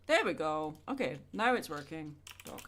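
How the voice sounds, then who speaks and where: A woman's voice: low voice, sing-song, normal speed, a bit bright, slight background noise. A young woman chatting casually with her viewers during a drawing livestream, rambling and answering questions as she goes. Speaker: art streamer.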